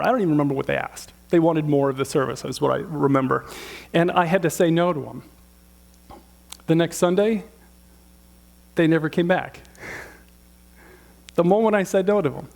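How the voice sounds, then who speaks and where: Pastor in his fifties: higher-than-usual male voice, storytelling sermon, rhetorical questions to the room. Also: darkish tone. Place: church hall with audience.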